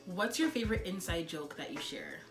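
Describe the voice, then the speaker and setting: A woman's voice: fairly low pitch, huge pitch swings, brisk. A woman hosting a casual sibling chat video, giggly and full of filler words. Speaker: vlog host. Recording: roomy with background music.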